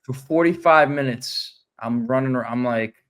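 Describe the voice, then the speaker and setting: A man's voice: medium pitch, normal speed. A man co-hosting a podcast, telling a rambling story in casual chat with many restarts. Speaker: podcast co-host.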